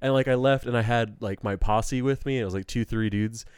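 A man's voice: medium pitch, steady tone, a little fast, a little mellow, clean tone, dry recording, clean studio sound. A man in casual chat, telling profane, joking stories about work.

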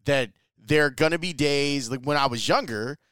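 Male podcast host, a bit high-pitched, casual, stumbles over repeated words. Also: moderate pace, fairly bright tone, clear, resonant tone, no echo. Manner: conversational, repeats words as he thinks. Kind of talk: casual interview and host-read ad.

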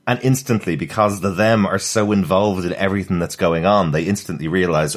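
A man's voice: low voice, a little fast. A man co-hosting a casual podcast, chatty and laughing often as he discusses a TV episode. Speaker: podcast co-host.

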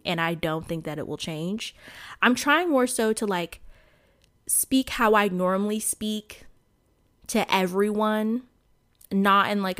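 A woman's voice: fairly low pitch, clear, resonant tone. A woman with a Midwestern accent and a hint of Southern country twang hosts her own podcast. She talks straight to her listeners in loose, chatty solo talk, full of fillers and asides. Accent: Midwestern with a little Southern country twang. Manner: chatty, addresses listeners as y'all, many fillers. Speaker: podcast host. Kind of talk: casual solo podcast chat.

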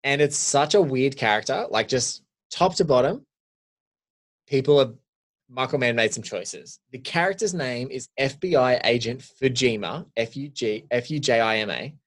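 A man's voice: mid-range voice, lively intonation, moderate pace. A young adult man co-hosting a podcast, rambling through casual film chat with many restarts. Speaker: podcast co-host.

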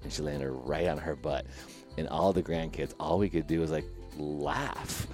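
A man's voice: a bass voice, moderate pace, a little mellow, faint music behind. A man from the Chicago area hosting a casual podcast, telling stories animatedly and laughing often. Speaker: podcast host.

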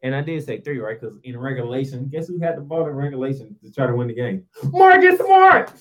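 A man's voice: mid-range voice, quick pace, mellow, rough recording. A man hosting a sports show, delivering a heated, sarcastic basketball rant full of rhetorical questions in informal, slangy speech.

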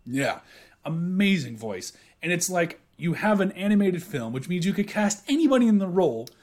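A man co-hosting a casual podcast chat, joking, swearing and talking with animated energy. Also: high voice, normal speed. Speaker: podcast co-host.

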